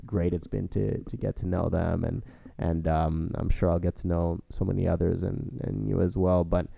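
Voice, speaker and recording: A man's voice: sits low, level tone, moderate pace, creaky, warm tone, no room sound. A young man co-hosting a podcast, telling stories in a rambling casual way with many fillers. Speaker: podcast co-host. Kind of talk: casual storytelling chat.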